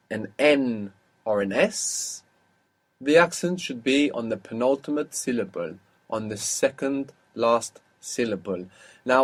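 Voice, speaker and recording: A man teaching an audio language lesson, patiently asking questions and repeating words slowly. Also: mid-range voice.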